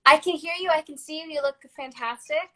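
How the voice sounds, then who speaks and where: Candid, bright-voiced woman guest. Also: sits high, fairly quick, poor audio. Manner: candid, laid-back, lots of "like" fillers. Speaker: guest actress. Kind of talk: casual live-stream interview. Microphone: phone on a video live stream.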